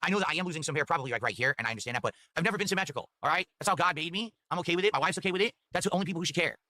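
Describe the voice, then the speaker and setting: A man in his forties rants to his livestream viewers at a breakneck clip, profane and defensive. His voice is bright and sharp, pitched a little high. It is picked up by a desk mic in a home streaming setup. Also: very fast. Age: 40s. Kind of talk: livestream talk answering viewer tips. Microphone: desk microphone.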